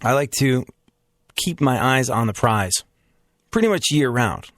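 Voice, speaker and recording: A man's voice: mid-range voice, animated, measured pace, a bit bright, no echo. Joking male talk host, dry sound. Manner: jokey, self-mocking, acts out his own voice in quotes. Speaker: radio show host. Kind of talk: casual monologue.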